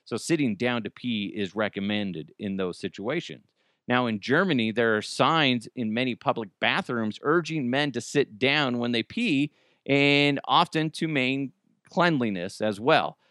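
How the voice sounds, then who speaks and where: A man's voice: medium pitch, measured pace, dry recording, clean studio sound. A man hosting a comedy news podcast, talking in a casual joking way with sudden swearing outbursts, at home. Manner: animated, swears, jokey outbursts. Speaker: podcast host.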